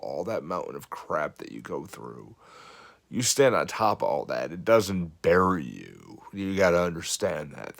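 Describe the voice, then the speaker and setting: A man's voice: low-pitched, vocal fry. A man who coaches fitness, giving an earnest, rambling motivational talk to camera, full of "you know" and "I mean" fillers. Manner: earnest, rambling, many 'you know' fillers.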